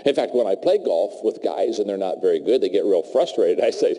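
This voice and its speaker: Lively, mellow-voiced male storyteller. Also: fairly low pitch, brisk, low-quality recording. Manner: animated storytelling, playful asides. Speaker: motivational speaker. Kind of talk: humorous talk to a live audience.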